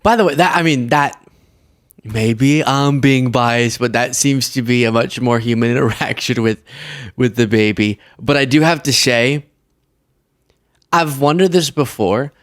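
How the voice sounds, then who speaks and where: A man's voice: mid-range voice, measured pace, no room sound, clean studio sound. A man hosting a political commentary show, talking casually and sarcastically and often laughing.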